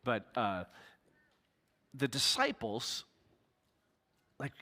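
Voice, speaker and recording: A man's voice: medium pitch, wildly swooping pitch, extremely slow, sharp tone, big-room sound. A male pastor giving a sermon in an earnest, conversational way.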